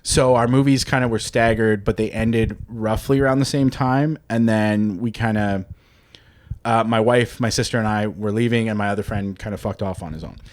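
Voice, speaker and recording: A man's voice: lowish voice, moderate pace, darkish tone. A man in his thirties from Canada, hosting a podcast and telling a story in casual, profane chat, acting out the quotes. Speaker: podcast host.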